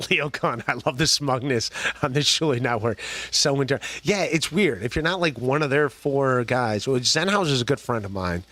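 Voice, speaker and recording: At normal speed, a podcast host from Ohio talks expressively in a mid-range voice with a sharp tone and no echo. The livestream chat is casual and rambling, peppered with laughter, restarts, and fillers.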